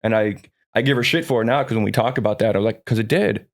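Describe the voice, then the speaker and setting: A man in his forties with a fairly low voice, telling stories from his life as a guest on a podcast. He rambles with plenty of restarts and keeps an earnest, upbeat tone. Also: fast talker. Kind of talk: personal storytelling in a podcast chat.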